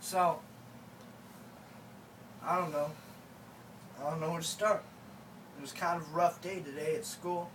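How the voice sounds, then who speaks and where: A man tells a rambling comic story in a mock-sorrowful way. His voice is bright and sharp. He sits back from the mic, with a faint hum behind him. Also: a little high, fairly even intonation, measured pace, pauses often, distant mic, rough recording. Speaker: comic monologuist. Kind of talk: comedic character monologue.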